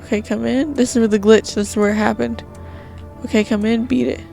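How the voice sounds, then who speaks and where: A jumpy woman gamer talks to herself through a horror game, narrating her every move. Her voice sits a little high but stays flat, with a gravelly fry on the ends of phrases. Faint game music plays behind her. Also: fairly quick.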